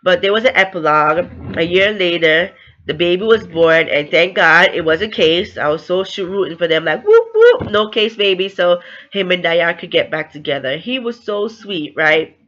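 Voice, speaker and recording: A man casually recapping a novel's plot for viewers in a chatty, excitable way, acting out the characters' lines, over a slightly lo-fi recording. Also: high voice, moderate pace. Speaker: book reviewer.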